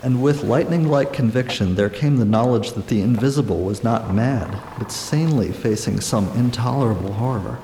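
A man narrating a story aloud in a measured, even storytelling manner. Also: mid-range voice. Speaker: audiobook narrator. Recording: echoey room with long reverb and faint noise.

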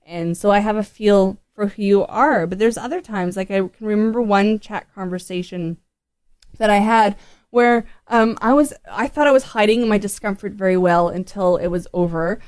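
A Canadian woman in a podcast conversation, lively and laughing as she tells stories, with a dry sound. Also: medium pitch, normal speed, dry recording. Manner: animated storyteller, frequent restarts and laughter. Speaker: podcast guest. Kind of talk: casual conversation. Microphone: Skype call.

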